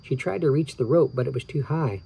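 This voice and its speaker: A man reading a children's book aloud, relaxed and tired, stopping for small asides and rereading his slips. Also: medium pitch, brisk, vocal fry, breathy edge, poor audio. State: tired, yawning. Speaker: reader of children's books.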